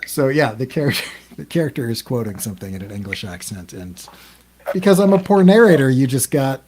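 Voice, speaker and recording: A man's voice: mid-range voice, sing-song, a little fast, background noise. A man co-hosting a podcast in casual group chat, talking in a rambling way with many ums and restarts. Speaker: podcast co-host.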